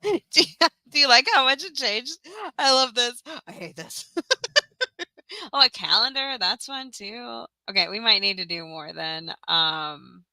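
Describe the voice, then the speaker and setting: A woman's voice: mid-range voice, lively intonation, measured pace, bright, forceful tone, no room sound. A young adult woman hosting a casual live-stream tutorial, chatting to herself as she works, joking at her own expense and laughing often. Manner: chatty, self-mocking, talks to herself while working, laughs often. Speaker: teacher-resource creator hosting a live stream.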